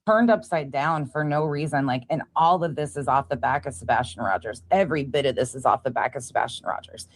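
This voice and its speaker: A woman's voice: rumbling low, fairly quick, hardly any pauses, a little hiss or hum. A woman giving heated livestream commentary, ranting angrily and swearing often. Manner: angry, profane ranting. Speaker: online drama commentator.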